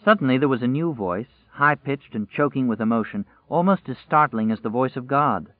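A man narrating a novel in a measured, even storytelling voice. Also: medium pitch, dry recording. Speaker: audiobook narrator. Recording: dry, tinny phone-like sound.

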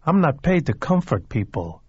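A man reading a cool, brisk, matter-of-fact former doctor with a clinical manner. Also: on the high side, sing-song, a little mellow, breathy edge, dry recording, highs cut off, exaggerated voice. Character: cold, clinical older male ex-doctor.

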